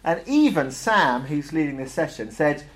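A man's voice: a little high, very animated, moderate pace. A man giving a conversational sermon full of ums and uhs. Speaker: preacher.

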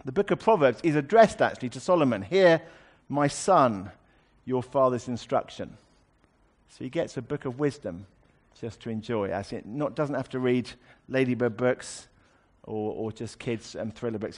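A man's voice: mid-range voice, a little mellow. A man preaching a sermon, explaining a scripture passage in a conversational way with wry asides.

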